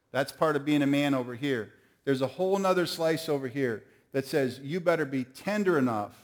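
A middle-aged man preaching a sermon, telling folksy stories and calling on the audience to answer. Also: mid-range voice. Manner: folksy storytelling, calls on the audience.

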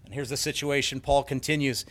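A man's voice: mid-range voice, flat delivery, brisk, a bit bright. A man preaching a sermon in an earnest, emphatic way, explaining scripture and telling stories. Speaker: pastor.

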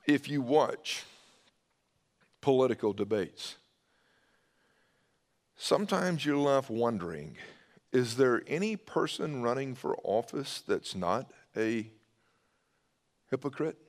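A man preaching a sermon, swinging his pitch and loudness and dropping to a hushed voice when he quotes. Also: very animated, slow pace, pauses often. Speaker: pastor.

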